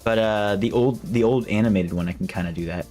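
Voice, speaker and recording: A man's voice: lowish voice, a little fast, mellow, soft background music. A man chatting casually on a live stream, rambling and restarting his sentences. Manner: rambling and self-interrupting, breaking off to test impressions.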